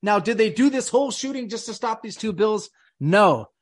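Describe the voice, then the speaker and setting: A man's voice: sits high, expressive, normal speed. A man hosting a casual podcast chat, emphatic, often repeating himself and restarting sentences. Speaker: podcast host.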